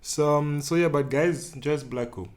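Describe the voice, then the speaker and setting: A man's voice: on the high side, unhurried, a little mellow. Easygoing man. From Central African Republic. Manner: easygoing, chuckles often, loose rambling phrasing. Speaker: podcast guest, dance organizer. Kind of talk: casual interview chat.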